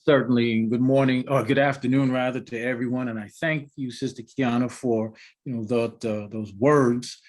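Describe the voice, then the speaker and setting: A man co-hosting a webinar who speaks politely and a little haltingly. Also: medium pitch, fairly even intonation. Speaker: webinar co-host and attorney.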